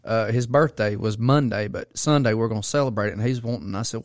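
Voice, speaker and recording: A man's voice: on the low side, a little fast, dry recording, studio quality. A man co-hosting a casual podcast, easygoing as he chats about his young son. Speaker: podcast co-host.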